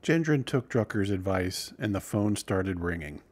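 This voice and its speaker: A man hosting a podcast, reading scripted narration in a measured, even way. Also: deep voice.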